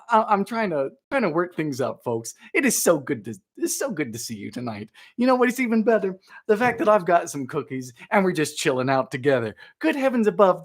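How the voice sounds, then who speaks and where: A playful young man hosting a live baking stream, chatting and joking as he reads viewer comments aloud. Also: fairly high pitch. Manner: playful, jokey, animated. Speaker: baking livestream host.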